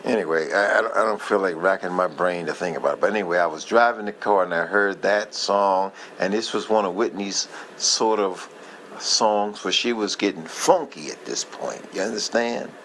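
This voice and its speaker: A man casually reminiscing in a heartfelt, rambling way, often halting and losing his thread. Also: sits low, a bit bright, a little hiss or hum, poor audio. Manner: heartfelt, moved by the memory. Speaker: vlogger sharing memories.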